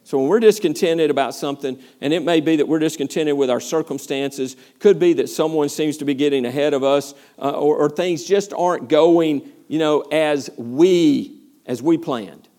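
A man's voice: a little high, moderate pace. A man teaching a verse-by-verse Bible study as a pastor, preaching with energy, acting out voices and questioning his listeners. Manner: animated preaching, acts out complaining voices, asks the listeners questions.

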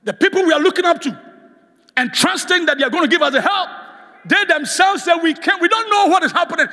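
A man preaching a sermon as guest speaker, passionately shouting calls for the congregation to respond, recorded in a church sanctuary. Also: very high-pitched, fast talker, in a large hall.

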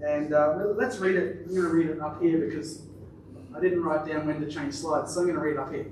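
In church, a man delivers a chatty sermon full of jokes that gets the congregation calling back. His fairly high voice is brisk with a fairly even intonation, recorded from a distance in an echoey space with a noisy background.

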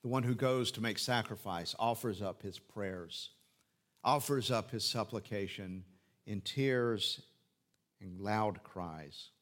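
A man's voice: on the low side, takes it slowly, a bit bright. A man preaching an expository sermon, explaining scripture phrase by phrase, asking rhetorical questions and repeating key phrases. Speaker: pastor.

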